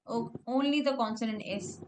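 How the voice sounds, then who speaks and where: A woman's voice: a little high, moderate pace, a little hiss or hum, rough recording. A woman teaching French pronunciation in a one-on-one lesson, explaining patiently step by step. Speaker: French tutor.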